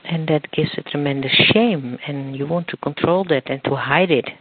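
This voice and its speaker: Guest expert, male, gravelly voice, halting speech full of restarts, heard over a tinny phone line. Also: a little high. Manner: halting, searching for words, many restarts. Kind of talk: phone interview explanation.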